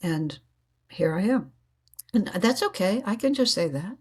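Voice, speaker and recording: A woman's voice: medium pitch, expressive, unhurried, slightly rough. A woman guest telling reflective spiritual stories in an earnest way, laughing often and acting out her inner dialogue.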